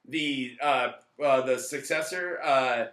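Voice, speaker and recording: A man in his late twenties co-hosting a casual movie review, rambling, joking and swearing, tipsy, now and then breaking into loud shouts. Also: medium pitch, slow pace. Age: late 20s. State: tipsy from tequila and beer. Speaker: co-host of a movie review channel. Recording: echoey room sound.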